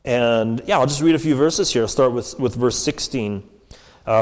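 A man delivers a sermon in a casual, conversational way, often restarting his phrases and asking "right?" to check in. His voice sits at a middle pitch. It rings with a long reverb, as in a church hall. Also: a little fast. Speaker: preacher.

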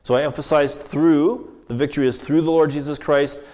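A man's voice: on the high side, fairly even intonation, fairly quick, a little mellow. A man preaching a sermon in a conversational way, restarting phrases and checking in with "right?". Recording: long echoing reverb.

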